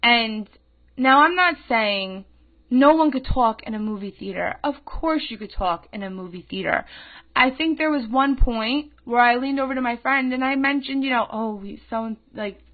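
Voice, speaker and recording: A woman's voice: sits high, expressive, moderate pace. A twenty-one-year-old woman hosting a podcast, telling a story in an indignant and emphatic way, heard through a tinny phone-like sound. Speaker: podcast host. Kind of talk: casual ranting storytelling.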